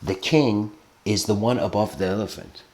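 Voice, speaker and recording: A man's voice: fairly low pitch, normal speed, a little mellow, natural voice. A man voicing an impatient young disciple who brushes off an old stranger. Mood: dismissive. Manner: curt, dismissive.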